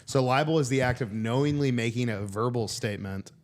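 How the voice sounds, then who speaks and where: A man's voice: mid-range voice, brisk. A man co-hosting a comedy podcast, teasing his partner in casual banter. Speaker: podcast co-host.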